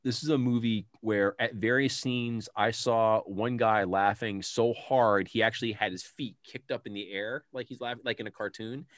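A middle-aged man in a casual film chat, animated and laughing often as he retells scenes. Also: lowish voice, normal speed, hardly any pauses, dry recording, studio quality.

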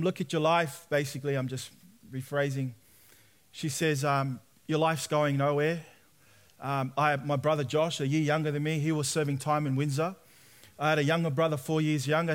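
A young man preaching, telling his own story and acting out the voices in it. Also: a little high. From Australia. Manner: animated storyteller, acts out quoted voices. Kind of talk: sermon testimony.

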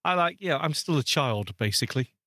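A man's voice: on the high side, expressive, a little fast, pushed and bright, dry recording, studio quality. A man co-hosting a podcast, ranting with exasperation and laughing often in casual chat. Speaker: podcast co-host.

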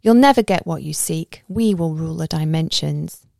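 A woman's voice: deep voice, moderate pace, creaky, darkish tone, no room sound, studio quality. A woman voicing an imperious female villain who barks orders in a haughty, commanding way.

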